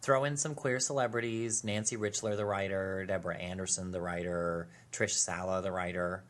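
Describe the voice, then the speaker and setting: A man's voice: low voice, steady tone, normal speed, fairly bright tone. A man narrating a home movie in a wry, dry-humored voice-over.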